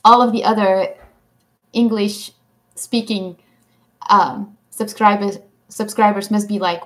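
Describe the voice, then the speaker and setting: A woman's voice: mid-range voice, slow, fairly bright tone. A woman hosting a casual livestream, reading viewers' comments aloud and answering them with frequent ums and little laughs. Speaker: livestream host.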